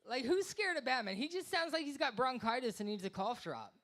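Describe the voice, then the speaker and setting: A man's voice: very high voice, big pitch swings, brisk, fairly bright tone. A man in his thirties doing rambling, self-deprecating stand-up at an open mic, acting out voices. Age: 30s. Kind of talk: stand-up comedy. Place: small live venue.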